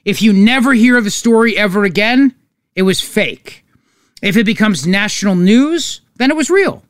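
Sarcastic talk host, high lively voice. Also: male voice, normal speed, no echo, clean studio sound. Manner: sarcastic, mocking. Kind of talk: opinionated political commentary.

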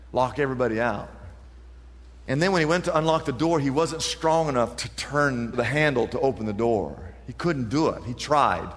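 Male pastor delivering an impassioned sermon, high voice, reverberant hall sound. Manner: impassioned preaching, swings from loud to hushed.

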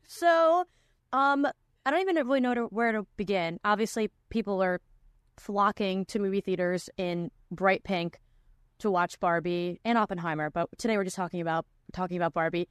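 A woman's voice: mid-range voice, normal speed, clean tone, no room sound, studio quality. A young woman hosting a podcast in casual chat, talking with lots of "like" fillers. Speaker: podcast host.

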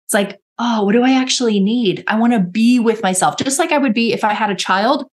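A woman with a slightly high voice talks earnestly in a relaxed podcast chat. She often slips into little quoted voices to act out her inner dialogue, sounding like a coach talking things through. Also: fairly quick. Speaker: guest coach. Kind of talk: casual podcast conversation.

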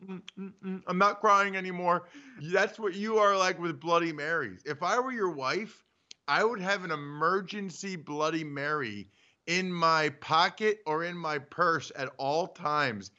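Teasing, animated male co-host, bright and clear, slightly muffled home audio. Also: a little high, a little slow. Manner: teasing, animated, acts out bits. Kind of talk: casual sports show banter. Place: home studio. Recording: dull lo-fi remote audio.

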